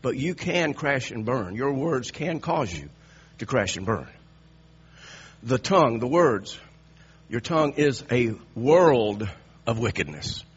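A man's voice: medium pitch, lively intonation, takes it slowly, husky, lo-fi sound. A man preaching a sermon, emphatic and repetitive, restarting phrases as he drives each point home.

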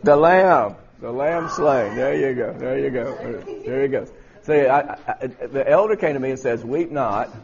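A man with a husky voice teaching a Bible study class, often repeating words and quizzing his students. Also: medium pitch, a little slow, lo-fi sound.

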